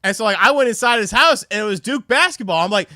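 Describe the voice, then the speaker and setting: A man's voice: high-pitched, expressive, fast talker, sharp tone, no room sound, studio quality. A young man from North Carolina, chatting on a casual livestream and telling rambling, profane stories full of fillers. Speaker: streamer.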